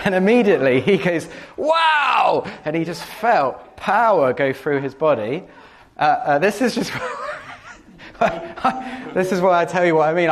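Earnest male preacher, laughing easily. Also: medium pitch. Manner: earnest, repeats words for stress, laughs easily. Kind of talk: teaching talk with personal story.

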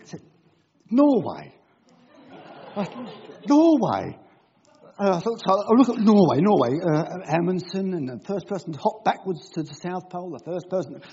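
A man's voice: fairly high pitch, gravelly, a little mellow. An older man reading a Bible passage and then giving a humorous, self-deprecating talk full of anecdotes and voices. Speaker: speaker at a gathering. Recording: dull lo-fi recording.

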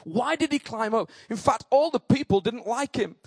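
A male pastor preaching a sermon in an emphatic style that rises to shouts. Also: extremely high pitch, expressive, normal speed, slightly rough, no echo.

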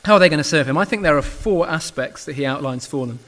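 In a church, a preacher gives a sermon with earnest emphasis, his voice a touch higher than most men's and a bit bright. He speaks fast and animatedly, pressing hard on key phrases and now and then restarting a word.

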